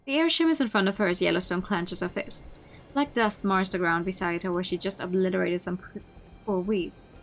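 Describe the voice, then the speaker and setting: A woman's voice: fairly low pitch, fairly quick, slight background noise, rough recording. A woman streamer reading a story game aloud in the first person, narrating expressively with small slips and restarts. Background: background music.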